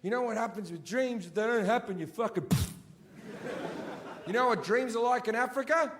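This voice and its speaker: A male stand-up comedian performing in a large theatre, swinging between shouted rants and low mutters, with heavy swearing. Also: moderate pace, background noise. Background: audience laughter.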